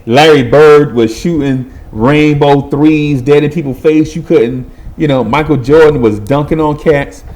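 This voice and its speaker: A middle-aged man telling a comic story in lively, colloquial speech, laughing and acting out the people in it. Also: fairly high pitch, measured pace, hardly any pauses. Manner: animated, laughing, acts out voices, colloquial. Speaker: podcast host.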